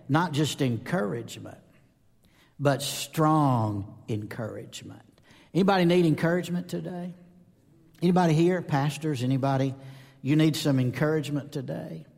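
A man in his fifties from North Georgia, a preacher, preaching emphatically and often asking the audience questions. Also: sits high. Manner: emphatic, asks the audience questions, swings between loud and soft. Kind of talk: sermon. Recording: long hall reverb.

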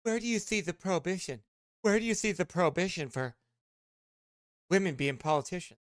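A man's voice: sits high, animated, fairly quick, no echo, studio quality. A man voicing a mocked older male pastor, repeating the same incredulous question in a sing-song, needling way. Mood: mocking. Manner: mocking, sing-song repetition.

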